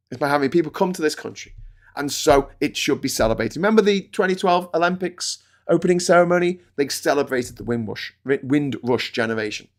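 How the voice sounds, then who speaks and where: A middle-aged British man hosting a political livestream, ranting with swearing and swings between loud outbursts and low muttering. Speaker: political commentator host.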